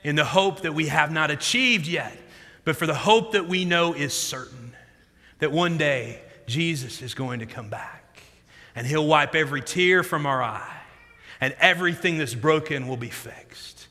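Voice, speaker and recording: A man in his thirties preaching a sermon as a pastor, telling stories in an animated way that moves between loud emphasis and quiet reflection. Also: a little high, a little slow. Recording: long hall reverb.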